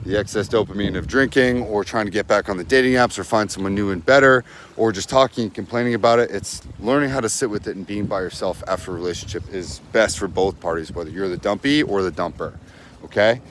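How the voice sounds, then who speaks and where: A man's voice: mid-range voice, slight background noise. A man giving blunt, profane, emphatic breakup advice as a coach in a vlog. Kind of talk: direct-to-camera advice vlog.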